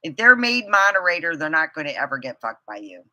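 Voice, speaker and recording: A woman ranting profanely to her camera, swinging from low muttering to outbursts of shouting. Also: big pitch swings, fairly quick, dull audio. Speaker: vlogger. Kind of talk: angry ranting monologue.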